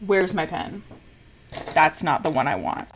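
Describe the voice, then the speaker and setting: A woman's voice: sits low, big pitch swings, a little slow, background noise. Exasperated woman game streamer, swearing. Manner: exasperated, swings from loud outbursts to muttering, swears. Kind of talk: casual live-stream commentary.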